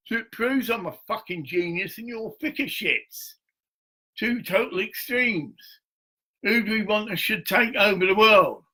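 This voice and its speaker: Husky, profane man rambling slowly. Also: high-pitched, sharp tone. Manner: crude, profane, laughs often. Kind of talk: rambling monologue.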